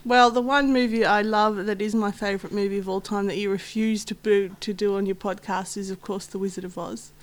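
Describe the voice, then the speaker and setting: A woman's voice: medium pitch, fairly even intonation, a little fast, few pauses. A woman guest in casual film chat on a podcast, teasing and laughing often.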